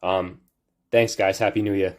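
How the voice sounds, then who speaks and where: A man with a strong Boston accent, a musician recording a casual shout-out message for a podcast. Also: low voice, fairly even intonation, normal speed.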